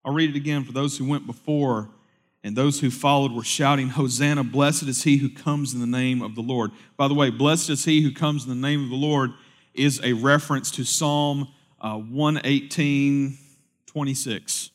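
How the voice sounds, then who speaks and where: A man preaching a sermon in a conversational way, swinging between loud, lively bursts and hushed, solemn stretches. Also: medium pitch, normal speed. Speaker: pastor.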